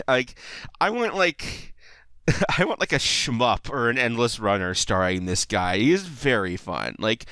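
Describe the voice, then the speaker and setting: A man in his thirties chats through a casual video commentary, rambling and chuckling as he goes. His voice is bright and crisp. The sound is dry and close. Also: medium pitch, no echo. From United States. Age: 30s. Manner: rambling and enthusiastic, lots of "like" and chuckles.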